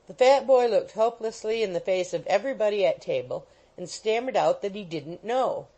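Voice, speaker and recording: A woman narrating a classic novel as an audiobook, reading in a measured, expressive way. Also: medium pitch, poor audio.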